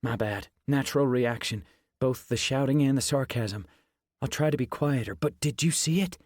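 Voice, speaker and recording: A man voicing a jumpy, sarcastic young male rogue who talks in quick, wisecracking bursts. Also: medium pitch, no echo, studio quality, close to an everyday voice. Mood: sheepish.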